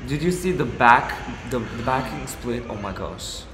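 Gushing excitable man in echoey room. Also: medium pitch, normal speed. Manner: gushing, exclamatory slang. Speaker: panelist. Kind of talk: excited reaction chat.

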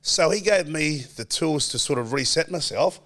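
An Australian man in his forties, a former footballer, telling animated stories as a podcast guest and acting out quoted voices. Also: fairly high pitch, moderate pace. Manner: animated storyteller, acts out quoted voices, laughs often. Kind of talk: casual storytelling chat.

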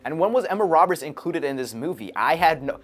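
A man talking casually to camera, reviewing a film in an animated, chatty way with frequent chuckles. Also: a little high, quick pace, faint music behind. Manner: animated, chuckling between remarks, conversational. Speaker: movie reviewer. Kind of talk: casual movie review commentary.

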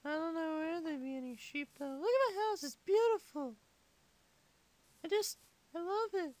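A squeaky whiny little boy. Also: normal speed, no room sound. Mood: childish. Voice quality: squeaky high-pitched. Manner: whiny, silly rambling play commentary. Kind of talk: comedic game play-along.

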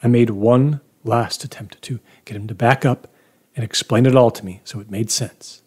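A man reading first-person horror fiction aloud in a measured, low-key way, often dropping to near-whispers. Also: fairly even intonation, darkish tone, slightly rough. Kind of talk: first-person story narration.

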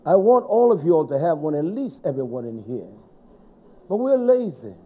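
A middle-aged man preaching a stern, scolding sermon to a congregation, rising to shouts at times. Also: a little high, big pitch swings, moderate pace, husky.

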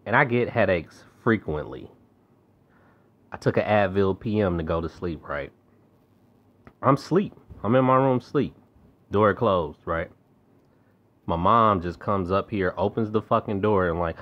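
A man's voice: lowish voice, very animated, moderate pace. Fuming young man ranting, lo-fi. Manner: heated, profane, venting. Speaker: vlogger. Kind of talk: angry rant to camera. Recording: slightly dull lo-fi audio.

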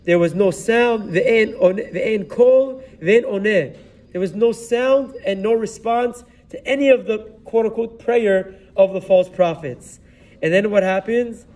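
A rabbi with a high voice retells a Bible story as a sermon, weaving Hebrew words and verses into his English telling. His voice is picked up from some distance from the microphone. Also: measured pace, darkish tone. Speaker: rabbi giving a Torah talk.

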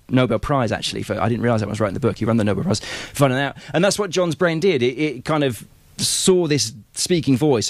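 A man, an author telling stories at a bookshop event, animated and laughing often, with many restarts. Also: mid-range voice, no echo.

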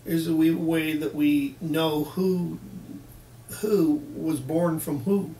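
Slow-talking preacher man in an echoey room. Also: on the high side, steady tone, dark tone. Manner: folksy, acts out both sides of little dialogues. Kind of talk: sermon. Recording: echoey room, mic at a distance, faint background hiss.

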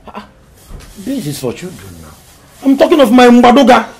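A man's voice: extremely high pitch, sing-song, moderate pace, creaky, full character voice. An actor playing a jovial, laughing father who talks with his family. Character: jolly Nigerian father, middle-aged, teasing. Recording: crowd noise behind.

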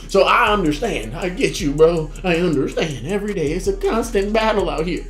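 A young man hosting a reaction video, chatting casually and dropping from a raised voice into low, laid-back asides. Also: animated, fast talker, hardly any pauses. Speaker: reaction channel host. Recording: roomy room with music underneath.

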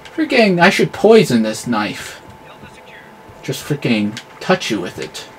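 A man giving live commentary over his own gameplay, excitable and yelling at the game, with clean substitute swears. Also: medium pitch, slow pace, slight background noise. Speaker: gamer.

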